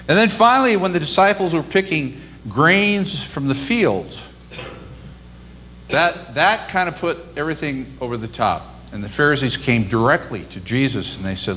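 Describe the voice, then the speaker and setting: A man's voice: mid-range voice, fairly bright tone, a little hiss or hum. A man preaching a sermon and retelling scripture in a casual, storytelling way. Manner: conversational storytelling. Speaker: pastor.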